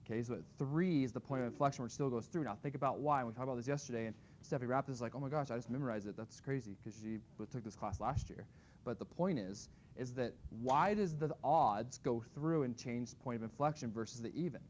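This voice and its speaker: A man's voice: mid-range voice, brisk, a little mellow, a little hiss or hum. A man teaching a math class, talking casually and thinking aloud as he graphs. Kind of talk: classroom lecture.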